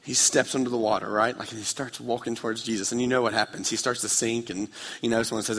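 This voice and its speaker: A man preaching a sermon with passion, moving between quiet, intimate passages and loud, fervent ones as he tells a story. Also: mid-range voice, steady tone, racing, breathy edge. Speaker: pastor. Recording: reverberant hall.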